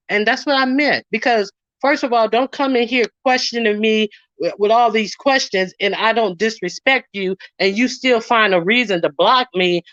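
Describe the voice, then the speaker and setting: A woman's voice: medium pitch, a bit bright, no room sound, lo-fi sound. A woman giving casual ranting commentary, indignantly retelling online arguments and acting out what others said. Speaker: commentary streamer.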